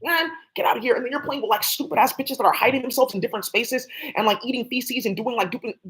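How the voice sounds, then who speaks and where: A woman's voice: a little high, quick pace, poor audio. A woman on a livestream ranting in an agitated, profane way and answering voices that no one else hears. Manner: agitated, profane, talks back at unseen voices. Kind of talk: rambling livestream rant.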